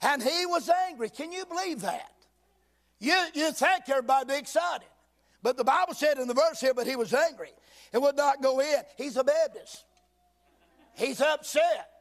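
High-voiced preacher reading scripture slowly. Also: male voice, lively intonation. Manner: reads scripture slowly in old King James wording, breaking off with folksy asides; rises to shouted emphasis. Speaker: pastor. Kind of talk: sermon. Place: church sanctuary.

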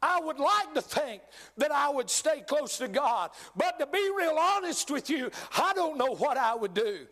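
High-voiced preacher. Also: male voice, big pitch swings, a little slow. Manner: impassioned preaching, swings from loud to hushed and drawn out. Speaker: pastor. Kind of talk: sermon.

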